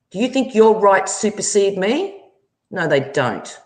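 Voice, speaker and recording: A woman hosts a livestream and delivers a furious, confrontational rant full of swearing. She speaks slowly and deliberately, and her pitch swings widely as her anger builds. The room around her sounds echoey. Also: sing-song. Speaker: livestream host.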